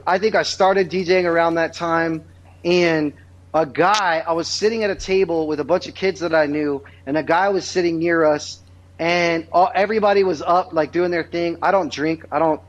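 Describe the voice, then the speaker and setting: A man guest in casual conversation, telling long rambling stories full of fillers and restarted sentences, with a dull lo-fi sound. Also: on the high side. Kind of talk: casual storytelling chat.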